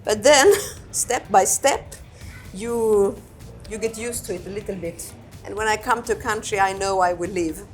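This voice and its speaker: A woman ambassador, answering interview questions in a reflective, unhurried way and often repeating her words. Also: mid-range voice, soft background music. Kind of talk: candid conversational interview answers.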